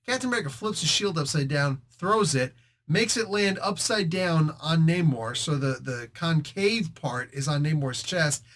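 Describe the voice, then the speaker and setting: A man's voice: a little high, lively intonation, moderate pace, fairly bright tone. A man hosting a casual comic book review, retelling the story with slang and sound effects.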